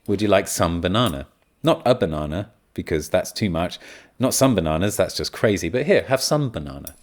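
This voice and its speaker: A man hosting a podcast, patiently explaining English grammar and repeating his examples as he thinks aloud. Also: sits low. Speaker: podcast host and English teacher.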